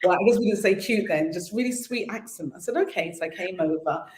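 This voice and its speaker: A woman's voice: fairly low pitch, quick pace, darkish tone. Chatty woman in a roomy space. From London. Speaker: host. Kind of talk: casual interview chat.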